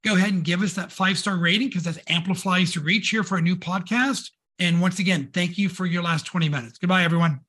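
Brief: upbeat male co-host, notably high-pitched voice. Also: steady tone, quick pace, hardly any pauses, fairly bright tone, slightly rough. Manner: upbeat, enthusiastic. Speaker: podcast co-host. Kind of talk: business podcast discussion.

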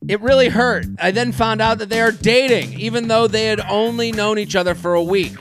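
A man hosting a comedic dating-advice podcast. He reads listener emails and answers them in an animated, sarcastic way, often slipping into mock voices. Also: sits high, a little fast, music in the background.

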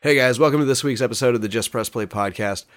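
A man's voice: medium pitch, quick pace. A man hosting a podcast, chatting casually and filling his talk with "like". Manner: relaxed, chatty, lots of "like". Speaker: podcast host.

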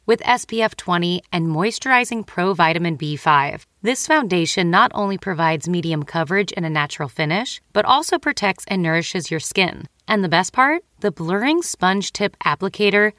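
A woman reading a scripted commercial in a soft, persuasive tone. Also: fairly low pitch, expressive, moderate pace, few pauses, no echo, studio quality. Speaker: ad voice-over. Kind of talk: scripted ad read.

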